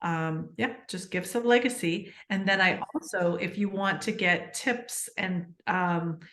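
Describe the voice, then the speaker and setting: A woman's voice: fairly low pitch, measured pace, reverberant. A woman guest on a podcast, chatting earnestly about her book and telling stories with lots of fillers. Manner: earnest, animated storytelling with many fillers. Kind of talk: casual interview chat.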